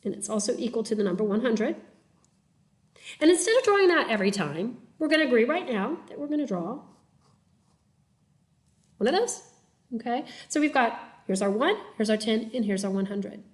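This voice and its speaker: A middle-aged woman teacher with a slightly high voice walks through a math lesson at a patient, steady pace. She counts aloud as she draws, her voice dropping softer between numbers, and often pauses to check in with the class. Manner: patient, step-by-step explaining with frequent "okay?" checks; counts aloud while drawing, trailing off quietly.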